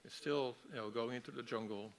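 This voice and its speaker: A man teaching a masterclass on storyboarding, explaining in a relaxed way with frequent restarts. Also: mid-range voice, fairly quick, slight background noise. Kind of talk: lecture on storyboarding.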